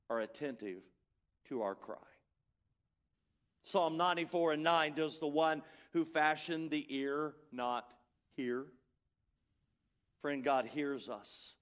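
A middle-aged man preaching a sermon as pastor, building emphatic repeated refrains and letting phrases fall away soft and quiet. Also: high-pitched.

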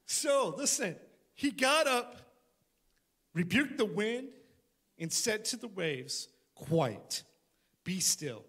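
A man preaching a sermon as pastor before a church congregation, animated, with joking asides and frequent restarts. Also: very high-pitched, slow, pauses often, slightly rough.

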